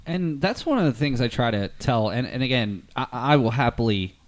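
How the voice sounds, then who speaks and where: A man hosts a college podcast and chats in a relaxed way with his guest. He restarts sentences often, and his voice sits in the middle pitch range. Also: normal speed. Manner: conversational, repeats words as he restarts. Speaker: podcast host, college faculty. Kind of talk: casual interview chat.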